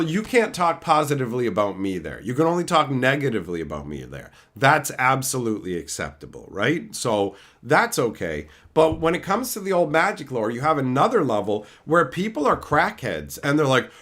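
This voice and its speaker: A man streaming live, answering chat in a crude, combative rant and breaking into mocking shouts. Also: fairly high pitch. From Canada.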